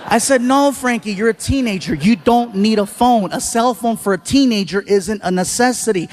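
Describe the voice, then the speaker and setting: A man's voice: high voice, normal speed, hardly any pauses. A man performing stand-up comedy, telling stories animatedly and acting out the people he quotes. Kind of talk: stand-up storytelling. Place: comedy stage before a live audience.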